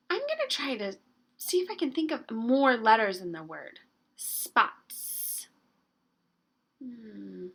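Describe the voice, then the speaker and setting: A woman teaching an early-grade writing lesson, slowly stretching out the sounds of words and coaxing answers with gentle questions. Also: a little high, husky. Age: adult.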